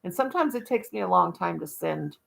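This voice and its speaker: A woman's voice: on the low side, animated, fairly quick, vocal fry, fairly bright tone, a little hiss or hum. A woman chatting casually on her livestream, folksy and talkative, breaking into baby talk to her dog now and then. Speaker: livestream vlogger.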